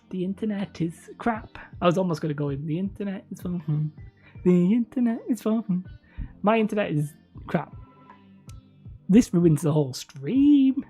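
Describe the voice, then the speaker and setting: A woman's voice: low voice, warm tone, slightly rough. A woman chatting casually on a live stream from home, rambling and laughing often as she talks.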